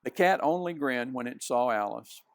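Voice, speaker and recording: A man reading a children's novel aloud in unhurried storybook narration. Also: medium pitch, animated, no echo. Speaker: reader.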